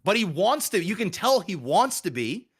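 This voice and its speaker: A man co-hosting a podcast in casual, profane chat, animated and acting out his reactions. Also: sits high, moderate pace, slightly rough. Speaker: podcast co-host.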